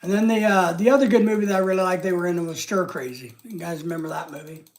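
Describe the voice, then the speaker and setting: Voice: medium pitch, quick pace. Chatty live-stream host, rambling and off the cuff. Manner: rambling, chatty, trailing off quietly. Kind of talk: casual live-stream chat.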